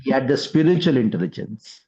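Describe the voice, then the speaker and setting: A man, a spiritual teacher explaining scripture in a measured way, with frequent pauses. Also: mid-range voice, lively intonation, dark tone, breathy edge. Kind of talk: scriptural discourse. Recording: dull lo-fi sound.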